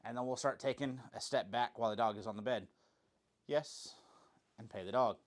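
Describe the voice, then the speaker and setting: A man's voice: fairly even intonation, quick pace. Casual, chatty man training dogs live. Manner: loose, conversational, thinks aloud with fillers; talks to dogs in a high, cooing voice. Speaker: dog trainer. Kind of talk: live stream Q&A, casual talk.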